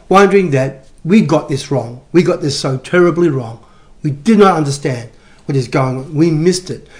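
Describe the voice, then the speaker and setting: A man preaching with real energy and a voice sitting a touch high for a man. He hammers his points home by repeating phrases. The delivery is a lively sermon rather than a calm talk. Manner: animated, emphatic preaching with repetitions.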